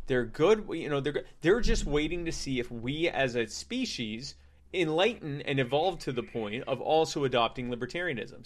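A man co-hosting a loose podcast chat, mid-pitched and conversational. He jokes his way through his points in rambling asides. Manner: joking, rambling, animated asides. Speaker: podcast co-host. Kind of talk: casual comedic chat.

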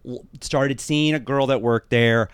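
A man's voice: medium pitch, steady tone, unhurried, clear, resonant tone, no echo, studio quality. A man who hosts a podcast and does stand-up comedy, chatting casually with crude jokes and eager asides. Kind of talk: casual chat.

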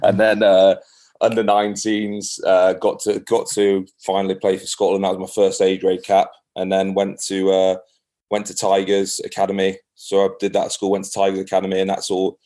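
A man's voice: low voice, monotone, normal speed, warm tone. A young man with an English accent, a guest on a podcast, telling his story in an easygoing, self-deprecating way and laughing often. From England. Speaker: podcast guest, rugby player. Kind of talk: casual chat.

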